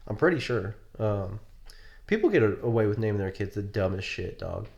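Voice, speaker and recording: A man's voice: fairly low pitch, sing-song, brisk, creaky, a little mellow, highs cut off. A man co-hosting a podcast, talking casually in a rambling, joking way with plenty of swearing. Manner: rambling, profane, joking, says "dog". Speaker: podcast co-host. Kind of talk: casual chat.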